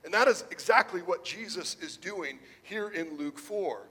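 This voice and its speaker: A man preaching a sermon in a church, swinging between loud emphasis and hushed delivery. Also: high-pitched, animated, measured pace, breathy edge. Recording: long hall reverb.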